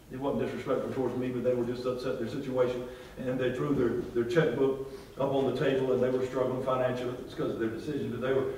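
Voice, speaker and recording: A man preaching a sermon as pastor, drawing responses from the congregation and swinging between loud and hushed delivery. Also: mid-range voice, a little hiss or hum. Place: large church hall. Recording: very echoey church hall, from far off.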